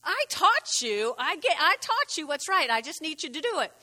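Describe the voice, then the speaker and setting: A woman's voice: sits high, very animated, normal speed, sharp tone, long reverb tail, voice pushed up, full character voice. A woman voicing a patient, fatherly God who questions and coaxes a man earnestly. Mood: coaxing.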